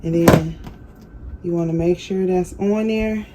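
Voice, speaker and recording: A woman's voice: on the low side, fairly even intonation, a little slow, heavy background noise. A woman hosting a casual craft how-to, chatty and self-deprecating, often apologizing. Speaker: craft tutorial host.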